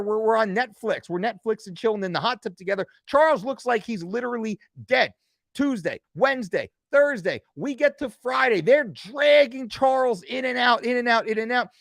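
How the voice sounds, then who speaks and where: A man's voice: very high-pitched, a bit bright, no room sound. A middle-aged man casually telling a heated backstage story, swearing and repeating phrases for emphasis. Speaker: nutrition coach telling a story.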